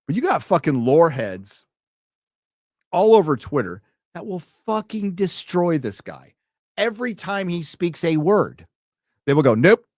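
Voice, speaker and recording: A man's voice: a little high, a little mellow, no room sound, studio quality. A man hosting a casual late-night livestream, reading out viewer donations and rambling with wry, profane asides.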